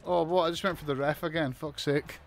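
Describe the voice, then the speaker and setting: A man commentating on a wrestling video game as he plays, excitable, swearing and shouting in disbelief. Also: on the high side, brisk, gravelly. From United Kingdom. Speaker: gaming commentator.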